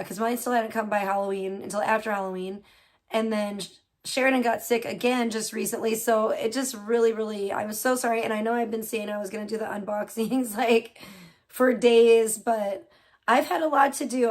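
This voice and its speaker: Rambling, chatty woman streamer, higher voice. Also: steady tone, moderate pace. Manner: rambling, filler-heavy, swears casually. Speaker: live streamer. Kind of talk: casual late-night livestream chat.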